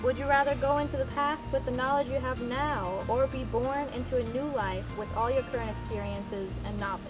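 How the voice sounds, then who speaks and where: A woman's voice: fairly high pitch, fairly even intonation, brisk, over music, low-quality recording. A woman in casual chat, playfully reading out questions with dry asides. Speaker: co-host reading out audience questions.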